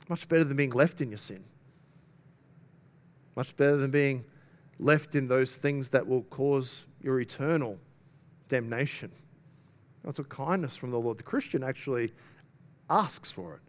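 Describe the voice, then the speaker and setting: A man's voice: medium pitch, expressive, normal speed, long pauses. A man preaching a sermon in an earnest, conversational way, often turning to the listeners with rhetorical questions.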